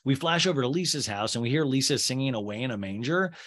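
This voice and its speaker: A man hosts a comedy podcast and recaps a reality show episode scene by scene. His pitch swings widely as he acts out the cast's lines, then drops into sarcastic asides of his own. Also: expressive, fast, a bit bright. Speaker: podcast host.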